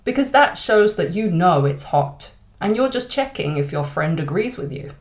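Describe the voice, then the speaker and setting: British woman, English teacher, animated pitch, clear deliberate delivery. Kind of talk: online language lesson.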